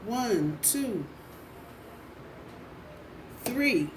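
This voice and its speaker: A woman doing tarot speaks very slowly in a sing-song, rather high voice, reading casually and bluntly with plenty of profanity and repeated phrases for emphasis. The audio sounds roomy and distant, with faint noise behind her.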